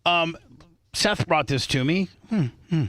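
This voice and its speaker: Male radio host, bright and punchy, rambling casual storyteller, dry close mic. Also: on the high side, expressive, unhurried, no room sound.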